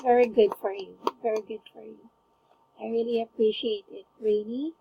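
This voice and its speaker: A woman with a fairly high, steady, gravelly voice speaks at a moderate pace, and the recording has clipped highs and background noise. She is giving a one-on-one online English lesson, patiently asking a student to read words aloud and encouraging each attempt with frequent praise.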